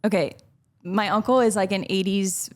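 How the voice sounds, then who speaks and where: Speaking in a mid-range voice at normal speed, a Miami woman appearing as a podcast guest recounts her childhood in casual conversation. She's an animated storyteller who acts out quotes and laughs frequently.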